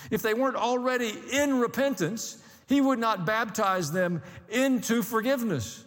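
High-voiced preacher in a reverberant hall. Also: male voice, moderate pace, a bit bright. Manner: conversational preaching with dry humor and rising emphasis. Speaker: pastor. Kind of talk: sermon.

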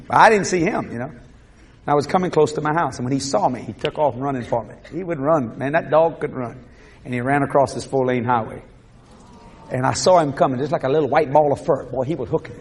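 A man preaching with comic storytelling, animated and laughing as he acts out scenes. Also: mid-range voice, breathy edge.

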